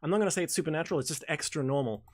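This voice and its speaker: A man's voice: fairly high pitch, racing. A man hosting a casual Q&A livestream. He talks in a rambling, self-correcting way, swears now and then, and laughs at his own asides. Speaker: host.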